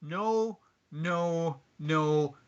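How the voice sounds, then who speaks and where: A man co-hosting a casual podcast with quick, jokey asides and some swearing. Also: a little high, clean tone. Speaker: podcast co-host. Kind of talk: casual chat. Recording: dull lo-fi sound.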